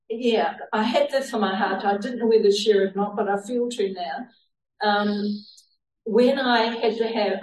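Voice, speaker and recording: A woman's voice: mid-range voice, a little mellow. A woman sharing a personal faith testimony, telling her story earnestly and laughing now and then. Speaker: church member sharing a testimony. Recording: roomy sound from a distant mic.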